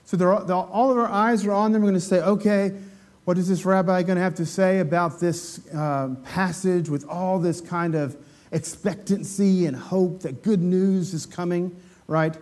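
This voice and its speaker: A man preaching a sermon in a relaxed, conversational way, retelling a scripture story, asking the congregation questions and briefly acting out the voices of the crowd. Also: sits high, moderate pace.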